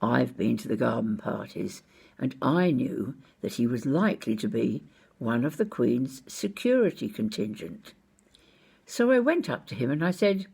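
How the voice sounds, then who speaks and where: A woman's voice: very deep voice, big pitch swings, moderate pace, creaky, dark tone, husky. An older woman recounting a personal anecdote in a precise, wry, well-spoken way. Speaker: storyteller.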